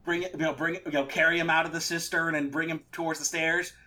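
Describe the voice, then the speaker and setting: Game master, a man with a fairly high voice, stumbling through narration. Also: flat delivery, sharp tone. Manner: halting, full of fillers and restarts.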